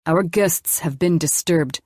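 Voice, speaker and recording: A narrator puts on a male waiter, stiff and formal, trying to stay polite under pressure. His words come slow and careful. The audiobook sound is dry. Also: lowish voice, darkish tone, no room sound. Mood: stiffly polite. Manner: formal and deferential.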